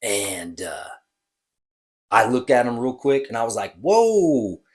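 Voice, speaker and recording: Husky man telling a bar story. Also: on the low side, unhurried. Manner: rambling, hesitant, self-correcting. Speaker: bartender. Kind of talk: casual storytelling.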